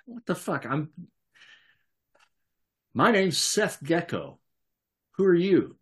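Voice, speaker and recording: A man's voice: fairly high pitch, big pitch swings, slow, fairly bright tone, voice pushed up, heavily acted. A man doing Seth Gecko, raised-voice tough. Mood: wary. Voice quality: profane, blunt drawl. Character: brash foul-mouthed male criminal, gun-toting and tough.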